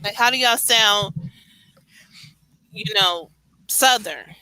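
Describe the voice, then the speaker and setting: A woman with a New York accent, very bright and crisp in tone, chatting casually late at night. Her talk is animated and rambling, full of asides and frequent laughs. The sound is close and dry, with no room around it. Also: medium pitch, slow pace, dry recording, rough recording. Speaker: co-host.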